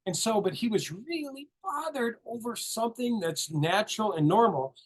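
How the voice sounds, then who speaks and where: Husky man telling stories animatedly. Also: high voice, moderate pace. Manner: animated, repeats words, acts out quotes. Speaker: co-host. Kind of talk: casual storytelling chat.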